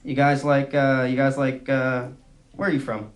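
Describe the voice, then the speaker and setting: A young male stand-up comedian from San Francisco, telling self-mocking stories in a wry, deadpan way on a club stage. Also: medium pitch, normal speed. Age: young adult. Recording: noisy live club recording.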